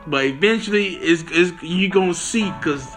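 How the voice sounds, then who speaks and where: A man preaching on scripture, reading verses slowly, then explaining them in loose street slang. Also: sits high, fairly bright tone, faint music behind. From Florida.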